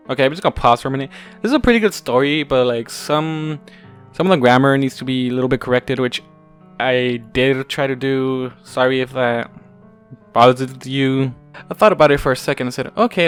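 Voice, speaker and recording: A man's voice: mid-range voice, smooth. A man casually reading a first-person story aloud, offhand and unpolished, leaving his slips and restarts in. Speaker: fanfiction reader.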